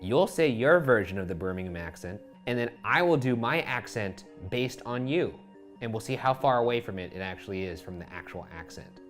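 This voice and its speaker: A man in his thirties trading jokes with his co-host as they read viewer comments. His pitch swings widely and he teases often, with faint music underneath. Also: animated, brisk. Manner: playful, teasing, laughs often. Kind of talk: casual banter reading viewer comments.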